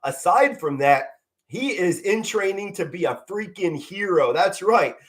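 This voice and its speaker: A man's voice: high voice, expressive, measured pace. A middle-aged man from Pennsylvania calling a football game as an amateur play-by-play commentator, passionate and emotional, standing and moving as he talks, sometimes stumbling over his words. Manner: passionate, emotional, stands and moves while talking, occasional stutters. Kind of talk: live fan sports commentary stream. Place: home, standing in front of a flag.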